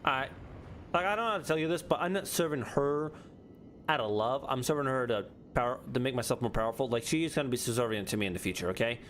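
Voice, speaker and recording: A man's voice: medium pitch, fast talker, fairly bright tone, slight background noise. A young man streaming a video game, joking and talking back to the characters. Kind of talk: casual gameplay commentary.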